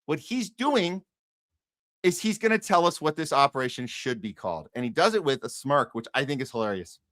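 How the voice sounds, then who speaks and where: A man's voice: a little high, big pitch swings, a little fast, fairly bright tone, no echo, studio quality. A man hosting a podcast, giving heated, profane and sarcastic political commentary that often repeats itself. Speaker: podcast host.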